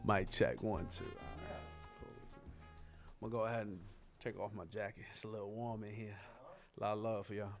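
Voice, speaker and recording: A man's voice: lowish voice, flat delivery, brisk, over music. Laid-back New man on stage. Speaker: rapper and performer. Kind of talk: casual stage banter. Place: open mic venue.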